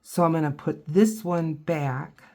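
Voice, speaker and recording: A woman's voice: sits low, steady tone, unhurried, creaky, warm tone. A woman giving a casual painting tutorial, chatting and thinking aloud as she works. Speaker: watercolor instructor.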